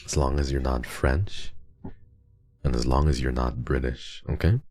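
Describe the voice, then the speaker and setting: A young man streaming and reading donations in a casual chat, soft and affectionate, sometimes teasing his viewers. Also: rumbling low, steady tone, a little slow, soft background music.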